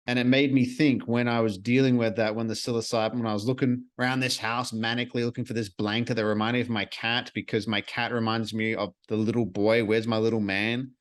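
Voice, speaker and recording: A man's voice: medium pitch, flat delivery, quick pace, few pauses. A man hosting a solo podcast, talking earnestly and reflectively in a casual way, with the odd swear word. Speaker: podcast host.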